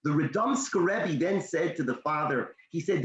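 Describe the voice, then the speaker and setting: A motivational speaker, a man, telling a story in a discussion, animated, his voice leaping up when excited. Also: fairly high pitch, normal speed, a little hiss or hum. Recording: echoey room, dull lo-fi sound.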